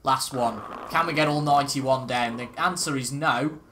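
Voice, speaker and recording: A man's voice: mid-range voice, normal speed, bright, forceful tone, a little hiss or hum. A young man casually commentating on a video game, chatty and self-mocking, reacting aloud as he plays. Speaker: gaming video host. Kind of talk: casual let's-play commentary.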